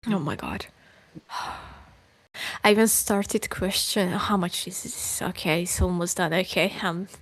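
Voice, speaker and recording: A woman's voice: lowish voice, fairly even intonation, measured pace, dry recording. A woman co-hosting a podcast and ranting with exasperation at a document she reads aloud. She swears often and sighs. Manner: exasperated, profane, loud bursts, with sighs. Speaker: podcast co-host. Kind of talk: heated podcast rant reacting to a document. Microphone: desk microphone close to the mouth.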